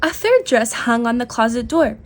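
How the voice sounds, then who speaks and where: A woman narrating a children's picture book aloud in a gentle, expressive way. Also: fairly high pitch, moderate pace. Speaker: storyteller.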